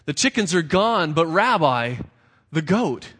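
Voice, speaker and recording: A frantic, wailing poor father begs for help in a pitch pushed well above the speaker's own voice, as a man puts him on, and he grows louder with each complaint. A long hall reverb trails every line. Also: big pitch swings, a little slow, heavily acted. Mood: pleading. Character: poor desperate middle-aged father at his wits' end.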